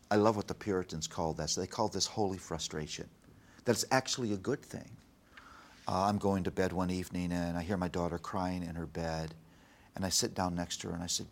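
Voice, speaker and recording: A middle-aged man speaking earnestly in an interview, preaching with emphasis and softly retelling conversations with his child. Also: deep voice, creaky. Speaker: guest, Christian author on parenting. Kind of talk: earnest interview talk with told anecdotes.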